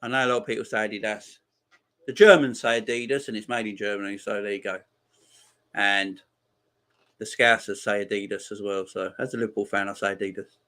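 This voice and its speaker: A man's voice: on the low side, steady tone, fairly quick, bright, forceful tone. A man in his forties giving chatty live football watchalong commentary and bantering with his chat. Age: 40s. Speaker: streamer.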